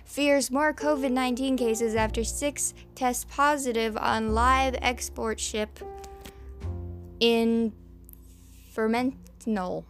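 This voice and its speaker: A woman's voice: a little high, fairly even intonation, takes it slowly, faint music behind. A woman with a Southern American accent reads news stories, stumbling over names and adding sarcastic asides. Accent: American Southern, slipping in. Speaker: podcast host reading news. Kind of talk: casual news commentary.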